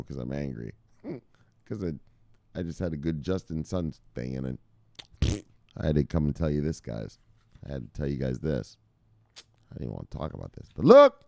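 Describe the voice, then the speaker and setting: A man hosting a crypto news show, ranting with heavy swearing, jumping between loud outbursts and low mutters. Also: vocal fry, dry recording. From United States. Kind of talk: profane animated ranting commentary.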